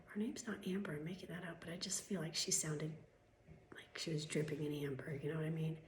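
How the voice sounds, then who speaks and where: Woman venting, swearing, flips from loud rants to whispers, slightly low voice, echoey room with faint ambience. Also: brisk, a little hiss or hum. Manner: swearing, venting, swings between loud outbursts and whispered asides. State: coughing, chesty. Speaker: vlogger. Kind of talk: casual vlog monologue.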